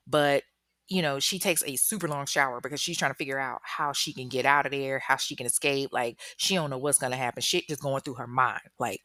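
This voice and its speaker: A woman with a low voice recounts a true crime story in loose, profane slang, jumping into animated asides. The sound is dry and close, with no room echo. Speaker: true crime podcast host.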